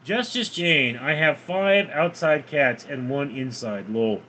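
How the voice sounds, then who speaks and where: A man's voice: fairly high pitch, lively intonation, slow, pushed and bright. A man live-streaming from home with his cats, reading viewer comments aloud and answering them offhandedly. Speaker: livestreamer reading chat. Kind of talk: casual live-stream chat.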